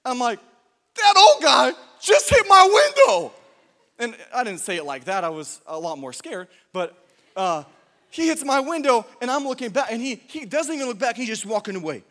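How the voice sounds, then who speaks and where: A man's voice: sits high, a little fast. A man preaching a sermon, telling a story with jokes and lots of self-interruptions before moving to exhortation. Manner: animated, jokey, self-interrupting. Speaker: pastor. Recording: long hall reverb.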